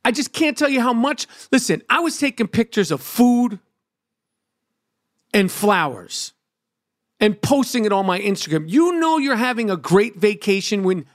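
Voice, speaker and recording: Middle aged new guy ranting a funny story, loud and profane, dead dry mic. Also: high voice, normal speed, no room sound. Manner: animated, brash, lots of swearing. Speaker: podcast host.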